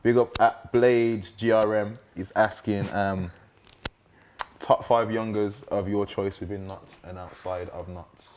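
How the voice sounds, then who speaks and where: Deep-voiced male interviewer with faint noise. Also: measured pace. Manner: relaxed, encouraging, reads out viewer questions. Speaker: interviewer, host. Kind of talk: casual interview chat.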